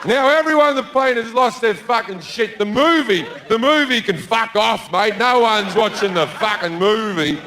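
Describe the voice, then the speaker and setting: A man with an Australian accent doing stand-up, telling a brash, profane story and sometimes shouting. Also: sits high, normal speed, hardly any pauses. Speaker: stand-up comedian. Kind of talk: stand-up comedy. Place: comedy stage.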